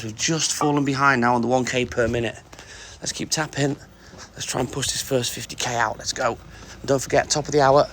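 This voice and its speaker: A man's voice: mid-range voice, a bit bright, slight background noise. A man hosting a casual live stream, chatty and joking while greeting viewers by name. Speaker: livestream host. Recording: music playing clearly behind. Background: music.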